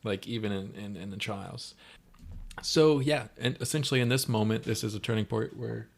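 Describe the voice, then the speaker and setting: A man co-hosting a podcast, casually recapping a movie and acting out characters' lines in quick quoted voices. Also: fairly low pitch, creaky. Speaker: podcast co-host.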